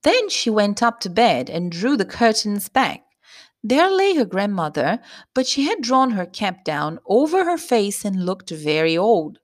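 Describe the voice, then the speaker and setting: A woman reading a fairy tale aloud in an expressive storytelling voice. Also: medium pitch, a little slow.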